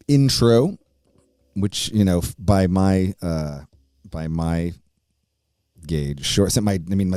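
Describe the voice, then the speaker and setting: A man's voice: sits low, warm tone, no echo, clean studio sound. A man hosting a podcast, talking in a loose, rambling way and swearing freely. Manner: hyped, sing-song opening greeting. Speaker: podcast host. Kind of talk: casual podcast intro monologue.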